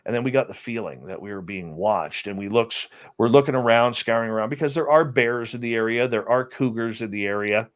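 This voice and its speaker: A man, a radio host, speaking as an interview guest and telling a personal story in a lively way, often restarting his sentences. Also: mid-range voice, fairly quick, few pauses. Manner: animated storyteller with many restarts. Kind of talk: casual storytelling chat.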